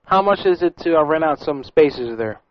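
A man hosting a prank-call radio show, teasing callers with cheeky, deadpan banter. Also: on the high side, moderate pace. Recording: dull radio recording with faint music.

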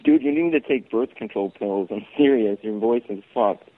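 A man's voice: lowish voice, moderate pace. A man co-hosting a talk radio show, aggressive, profane and insulting toward a caller. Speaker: radio co-host. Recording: narrow phone-like radio sound.

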